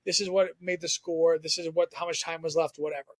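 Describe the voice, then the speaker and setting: A man from Southern Maine, a former TV sports reporter, telling stories as a podcast guest in an animated, chatty way. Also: a little high, no echo. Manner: animated storyteller, quick and chatty. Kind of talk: casual podcast storytelling.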